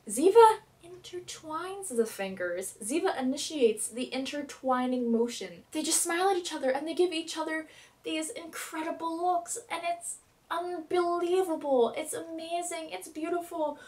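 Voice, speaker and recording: A young woman recapping a TV episode as a fan vlogger, gushing and dramatic, with quick swings in loudness. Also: high voice, animated, far from the mic.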